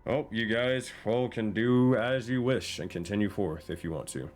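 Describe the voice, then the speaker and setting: A man's voice: lowish voice, normal speed. A man running a tabletop game on stream, talking casually, exasperated and swearing often. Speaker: game master.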